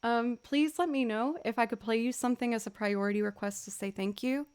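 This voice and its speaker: A young adult woman, a livestreaming musician, chatting casually with viewers and telling animated stories with laughs. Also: on the high side, a little fast, smooth. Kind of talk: casual chat with stream viewers.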